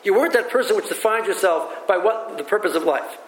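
A man teaching a religious text as a rabbi, talking haltingly and repeating himself as he tells stories. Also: sits high, expressive. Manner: halting and repetitive, thinks aloud. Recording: echoey room with faint ambience.

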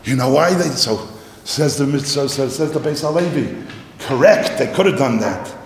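A man giving a Talmudic lecture, animated and repetitive, mixing in Yiddish and Hebrew terms, coughing now and then. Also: medium pitch, moderate pace. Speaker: Torah teacher. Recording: echoey hall, faint noise.

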